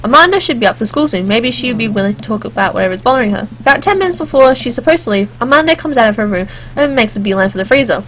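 A woman's voice: on the high side, animated, fast, fairly bright tone, slight background noise. A woman playing a story game, reading its text aloud and breaking off for chatty, joking asides. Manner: chatty, jokey asides, sings snatches. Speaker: let's play gamer.

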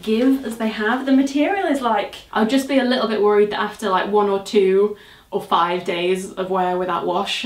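With a voice on the high side, a young woman chats her way through a casual try-on vlog, battling to get into her clothes. She mocks herself, exclaims and groans, and at times is out of breath; the audio has a roomy sound.

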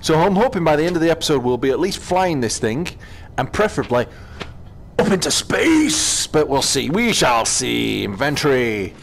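A British man casually commenting as he plays a VR game, chatting to himself with quick exclamations. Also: on the high side, very animated, vocal fry, a little hiss or hum. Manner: chatty, talks to himself while playing, exclamations. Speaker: gaming channel host.

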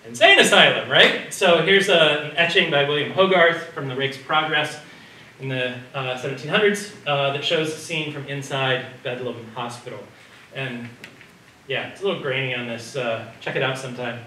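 A man's voice: medium pitch, normal speed, sharp tone. A man giving a public lecture with slides in a conversational way, often checking in with the audience. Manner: conversational, asks the audience questions. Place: community hall or lecture room. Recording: roomy sound from a distance, faint background noise.

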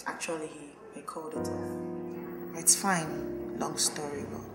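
A woman playing a troubled young woman who talks softly and haltingly. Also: deep voice, close to an everyday voice. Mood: subdued. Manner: soft, hesitant, halting. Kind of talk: film drama acting. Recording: echoey room with music under.

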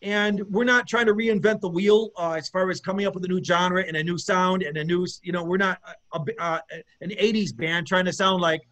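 A man, a bass player, chatting as an interview guest in a rambling, enthusiastic way with many fillers and restarts. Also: fairly even intonation, brisk, a bit bright. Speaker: guest musician, bassist. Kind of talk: casual interview chat.

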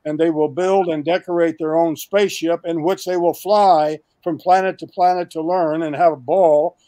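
An older man speaking as a guest on a video call, pitching his educational project with animated, emphatic lists and frequent restarts. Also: moderate pace, dry recording.

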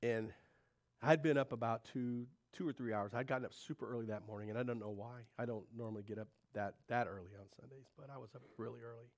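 A male pastor giving a conversational sermon to a congregation, swinging between loud, animated stretches and quiet, confiding ones. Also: mid-range voice, quick pace.

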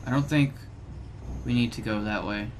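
A young man around twenty recording let's play commentary on a headset, excitable and given to loud, swearing outbursts of frustration. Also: fairly low pitch, normal speed, a little hiss or hum. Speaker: gaming video host. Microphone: gaming headset. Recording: music playing underneath. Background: background music.

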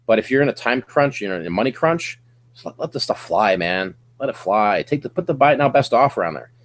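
A middle-aged man talks casually from a chair in his home office, hosting a livestream for resellers. His pitch swings widely as he pushes listeners on with punchy, slangy pep talk and sudden shouted bursts. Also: fairly quick. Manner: energetic, hyped coaching with bursts of slang.

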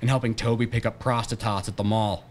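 A man's voice: lowish voice, steady tone, fairly quick, lightly acted. A man reading aloud, voicing a dry, sarcastic mother in close to his own voice.

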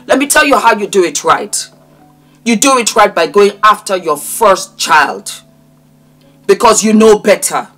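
Woman, 50s, heartfelt preachy vlog commentary, mid-pitched, faint music underneath. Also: animated, a little slow, a bit bright. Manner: emotional, preachy, speaks straight to the person she discusses. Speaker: vlogger commenting on celebrity news. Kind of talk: impassioned direct-address commentary.

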